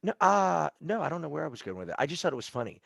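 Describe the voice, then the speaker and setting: A man's voice: a little high, big pitch swings, very fast, creaky, fairly bright tone, breathy edge, no echo. Stoned guy rambling on a podcast, keeps restarting, swears a lot, dry close mic. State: high. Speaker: podcast host. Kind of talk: casual chat.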